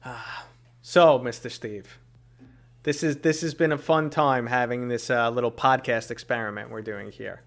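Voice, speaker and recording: Podcast host, thirties, New York accent, playful and teasing, mid pitch. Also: male voice, steady tone, moderate pace, creaky. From New York City. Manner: joking, teasing, reads chat comments aloud. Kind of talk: casual chat.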